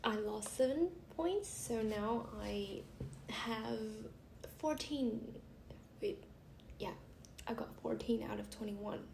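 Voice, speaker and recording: Giggly young woman with a high voice. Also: takes it slowly, creaky, pauses often, darkish tone. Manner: chatty, giggly, breaks off to laugh. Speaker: vlogger. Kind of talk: casual reading of funny stories. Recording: echoey room with faint hiss.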